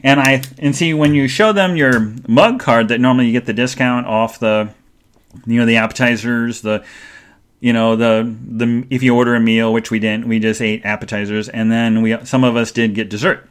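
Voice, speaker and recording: A man's voice: fairly even intonation, moderate pace, clean tone. A man hosting a live show, telling rambling, chatty stories with lots of fillers and restarts. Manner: greets chat viewers in a sing-song high voice. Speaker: podcast host. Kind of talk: live-stream casual chat.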